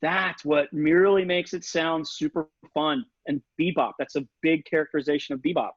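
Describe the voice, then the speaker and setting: Man, saxophone teacher, higher voice, casual, scat-sings examples, dull video-call sound. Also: fairly even intonation, normal speed, dry recording. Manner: casual, sings rhythms and articulations with scat syllables. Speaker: saxophone instructor. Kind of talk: online music lesson. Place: home setup for a virtual session.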